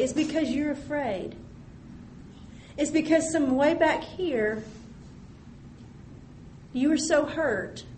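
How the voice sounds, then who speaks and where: Woman Bible teacher, high voice, earnest sermon, roomy recording. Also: a little mellow, a little hiss or hum. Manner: earnest, reads scripture aloud, acts out prayers. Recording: echoey room with faint ambience.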